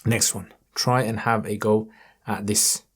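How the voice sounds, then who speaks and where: Slow, encouraging male recitation teacher. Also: fairly low pitch, steady tone, slightly rough. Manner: patient, encouraging, models recitation slowly; chants verses in a raised melodic tone. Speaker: Quran reading teacher. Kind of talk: online recitation lesson.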